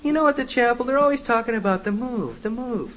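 A man's voice: very high-pitched, expressive, quick pace, voice pushed up. A man doing a weary young churchgoing woman. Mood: echoing. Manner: weary, repeating what she hears. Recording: dull lo-fi with faint noise.

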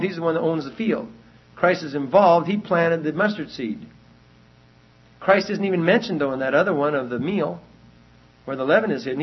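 A fairly high-voiced male Bible teacher with a husky edge to his voice. He lectures earnestly, hammering his main points through repetition and restarting phrases as he goes. The recording is dull and lo-fi. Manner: earnest, repeats key points, many restarts.

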